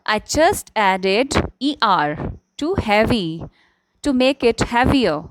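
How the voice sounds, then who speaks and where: Young adult woman, patient teacher for beginners: slow, repetitive and clear, with a slightly higher voice. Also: poor audio. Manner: patient, repeats key words, frequent "okay?" checks. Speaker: English teacher. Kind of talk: slow, simple classroom explanation.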